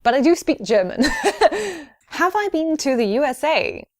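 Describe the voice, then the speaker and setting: A woman's voice: high-pitched, big pitch swings, unhurried, darkish tone, no echo, studio quality. A young woman from Wales, answering viewer questions in a casual vlog at home, chatty with frequent ums. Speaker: YouTuber. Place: her home.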